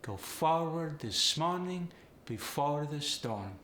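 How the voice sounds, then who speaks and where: A man putting on a Polish accent in English, with forward resonance, a rising inflection and slow, even example sentences. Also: on the high side, slight background noise, voice pushed up. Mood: demonstrating. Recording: roomy echo.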